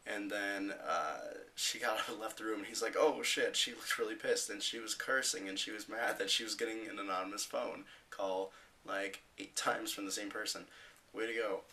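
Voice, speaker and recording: A teenage boy vlogging, casually telling a story with rambling fillers and animated retellings. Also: lowish voice, normal speed, recorded from a distance, a little hiss or hum, rough recording.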